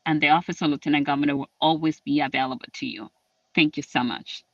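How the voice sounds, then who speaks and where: A man giving an earnest public address on a livestream, halting with fillers. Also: a little high, steady tone, fairly bright tone, no echo, distant mic, lo-fi sound. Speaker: lieutenant governor.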